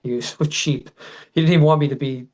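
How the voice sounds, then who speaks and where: A middle-aged man, a podcast guest, telling an emotional personal story in a rambling way, full of restarts and loudly quoted shouting. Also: a little high, steady tone, fast, rough recording.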